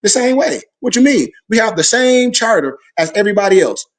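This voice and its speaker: A man's voice: sits high, lively intonation, a little fast. A man leads a Sunday school class. He preaches emphatically and with animation, drawing call-and-response answers from his listeners.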